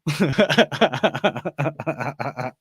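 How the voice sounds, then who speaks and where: Profane rambling guy, bright and dry. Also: a little high, expressive, very slow, slightly rough, no room sound. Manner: profane, rambling, laughs often, says bro and dude. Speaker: sports fan show host. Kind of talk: casual rant to viewers.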